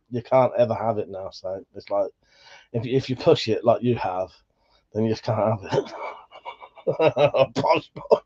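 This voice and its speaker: A man's voice: medium pitch, lo-fi sound. Sweary Buckinghamshire man chatting on stream. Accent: Buckinghamshire English. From England. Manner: relaxed, sweary, laughs often. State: slightly worn voice. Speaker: livestream host reading chat. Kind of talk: casual chat.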